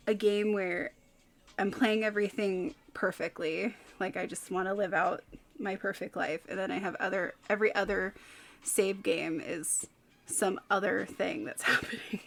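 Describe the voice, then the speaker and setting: A woman's voice: mid-range voice, fairly even intonation, normal speed. A woman in her thirties from California with a light Californian accent, chatting casually as a streamer, rambling and giggling between fillers. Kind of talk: casual chat.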